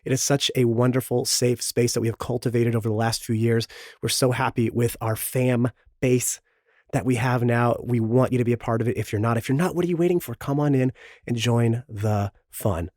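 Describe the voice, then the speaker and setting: A man with a sore, hoarse throat, hosting and reading a podcast promo with joking, self-pitying asides. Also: mid-range voice, fairly even intonation, a little fast, darkish tone, no room sound, clean studio sound. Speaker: podcast host.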